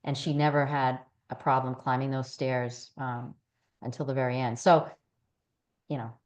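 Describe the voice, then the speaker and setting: Woman with a very low voice. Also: level tone, moderate pace, darkish tone. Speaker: guest. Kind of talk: casual interview chat.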